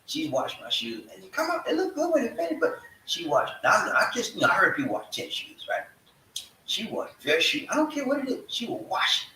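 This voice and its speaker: Hyped-up high-voiced man. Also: a little fast, a little hiss or hum. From American South. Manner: animated call-and-response hype, preacher-like. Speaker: live stream host. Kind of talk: hyped live stream chat. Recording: echoey room, mic at a distance.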